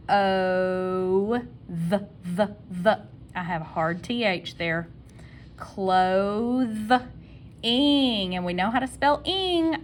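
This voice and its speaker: A Southern-accented woman gives a phonics lesson at an unhurried, drawn-out pace and stretches each sound of a word. Her tone is patient and encouraging, and a faint low rumble sits behind her voice. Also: a bit bright. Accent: Southern American. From American South. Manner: sounds out words slowly, repeating each sound. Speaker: teacher.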